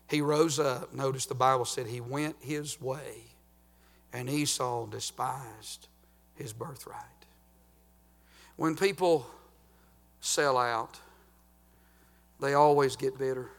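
A man preaching a sermon as pastor, swinging from sung, shouted climaxes down to low, hushed warnings. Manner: fervent preaching, rising to chanted shouts then dropping low.

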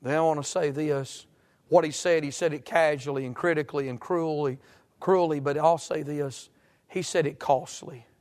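High-voiced fervent male preacher. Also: steady tone, moderate pace, darkish tone. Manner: fervent, pleading appeals to listeners. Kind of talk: sermon.

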